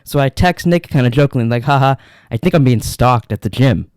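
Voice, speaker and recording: A man's voice: medium pitch, lively intonation, fairly quick, darkish tone, smooth, no echo, clean studio sound. A young man co-hosting a podcast, telling rambling, profane stories in casual chat. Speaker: podcast co-host.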